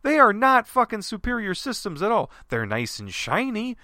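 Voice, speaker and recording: A man's voice: sits high, wildly swooping pitch, moderate pace, bright, forceful tone, no room sound, clean studio sound. A man ranting angrily in a rambling, profane monologue, full of restarts and curses, as host of his own show.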